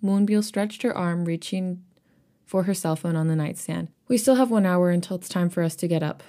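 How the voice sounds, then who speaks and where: A woman's voice: fairly low pitch, moderate pace, warm tone. A woman co-hosting a podcast, reading a story aloud and chatting casually, with laughter breaking in between passages. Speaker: podcast co-host reading fan fiction aloud.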